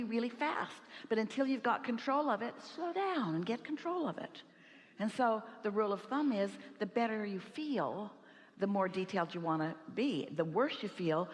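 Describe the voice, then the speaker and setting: Brief: woman of mid pitch, inspirational seminar speaker, emphatic and rhetorical, live hall reverb. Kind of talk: inspirational talk to an audience.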